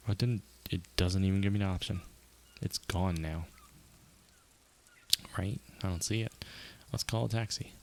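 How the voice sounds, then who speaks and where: A man's voice: sits low, moderate pace, long pauses, slight background noise. A man streaming a live game playthrough, reading the on-screen text aloud with wry, chatty asides.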